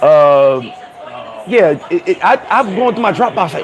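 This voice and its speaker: A man hosting a casual livestream, laughing often, talking in slang and giving shout-outs to viewers. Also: fairly high pitch, expressive, a little slow, rough recording. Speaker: livestream host. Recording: crowd chatter behind.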